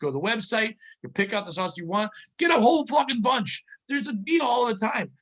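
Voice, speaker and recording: A man rants through a comedic podcast chat, swearing freely and piling joke on joke. His voice sits high and rings bright and forceful. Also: brisk. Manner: profane, animated, ranting. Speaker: podcast host.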